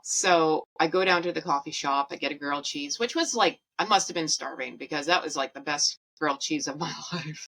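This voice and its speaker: A woman's voice: low-pitched, a little fast, a bit bright, a little hiss or hum, rough recording. A woman in her thirties, a podcast host, telling a personal story in a candid, wry and emotional way.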